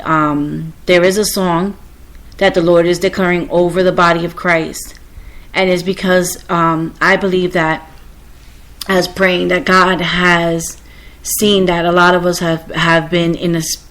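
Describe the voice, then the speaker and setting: A woman's voice: on the low side, a bit bright. A woman hosting a prophetic Christian radio show, earnestly reading scripture and declaring prayers, with fillers and stumbles. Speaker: radio host.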